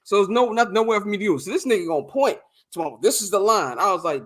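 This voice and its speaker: A young man with a high-pitched voice talks fast as a podcast co-host. He casually spins a long, profane story and acts out the exchanges of the other people in it with real animation.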